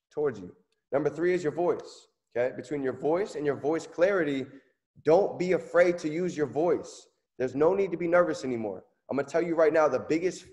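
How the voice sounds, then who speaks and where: A man's voice: a little high, darkish tone. A man giving an emphatic motivational business training talk, checking in with his listeners as he goes. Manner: emphatic, asks "okay?" often, surges of energy. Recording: long reverb, echoey room.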